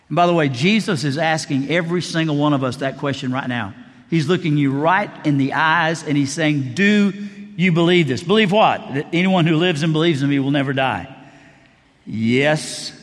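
Middle-aged guy preaching, acts out the lines, bit higher voice, echoey church hall. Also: a bit bright. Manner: storytelling, acts out quoted dialogue. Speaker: pastor. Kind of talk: sermon.

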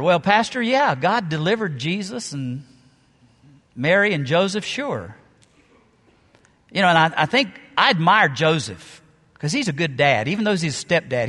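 A middle-aged male pastor preaching a sermon, telling stories with dramatic pauses and swings between loud and soft. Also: on the high side, animated. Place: church sanctuary. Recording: long reverb of a large hall.

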